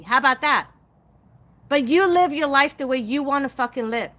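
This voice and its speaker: A woman's voice: high voice, normal speed, sharp tone. A middle-aged woman hosting a live stream, talking straight to her viewers in a blunt, profane, emphatic rant. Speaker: psychic livestream host.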